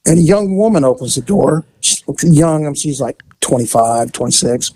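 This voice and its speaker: A man and former police officer, telling a story in a casual, animated way and acting out the voices in it. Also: on the high side, moderate pace, breathy edge, dry recording. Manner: animated, acts out voices in his stories.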